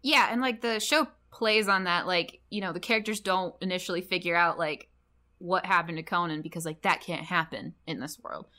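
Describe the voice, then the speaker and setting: A woman co-hosts a loose podcast chat, her voice bright and sharp-edged. She rambles through her points, peppering them with "like" and laughing as she goes. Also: fairly low pitch, moderate pace. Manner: rambling, heavy on "like", laughs often. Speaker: podcast co-host. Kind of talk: casual chat.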